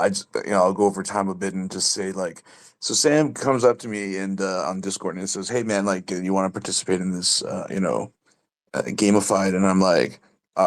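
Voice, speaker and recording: A man chatting on a podcast as a regular, brash and profane, telling a rambling story. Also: low voice. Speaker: podcast co-host. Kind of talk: casual chat.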